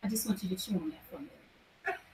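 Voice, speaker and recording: An American woman hosting a live wellness event, animated and leading the audience through a repeated phrase. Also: medium pitch, quick pace. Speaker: event host. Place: large echoey event room. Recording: echoey room, voice from afar.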